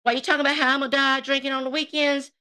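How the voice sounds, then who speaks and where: Very fast and high-pitched, a woman keeps a level tone that still comes across pushed and bright. She's running a livestream, greeting her chat and tearing into a rival with sarcasm, confrontation and swearing.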